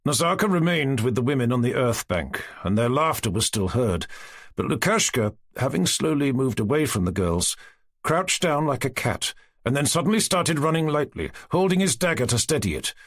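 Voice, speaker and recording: Husky, expressive male audiobook narrator. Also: medium pitch, moderate pace, no room sound, clean studio sound. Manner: expressive, storytelling. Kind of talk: scripted narration.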